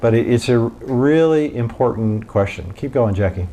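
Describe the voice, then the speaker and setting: There's slight background noise as a man with a medium-pitched voice leads a Bible study as its pastor, speaking at a normal speed. He teaches casually and jokily, asking the group questions and animatedly acting out voices from the story.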